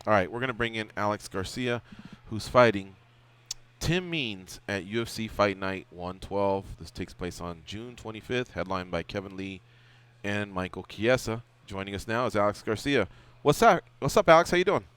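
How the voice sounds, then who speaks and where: Male sports radio host, lowish voice, casual and joking. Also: normal speed, smooth. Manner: joking, teasing, lively.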